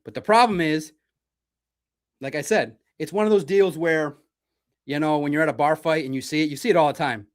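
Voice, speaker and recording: A man's voice: on the high side, brisk, pauses often. A man from Detroit hosting a livestream sports podcast, talking in a blunt, combative and profane way. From Detroit, United States.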